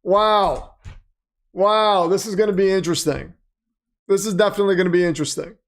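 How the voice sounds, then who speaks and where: A middle-aged man hosts a casual livestream, rambling between chat messages, donation shout-outs and quick play-by-play calls. His voice is somewhat high for a man and carries a gravelly, creaky edge. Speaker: livestream host.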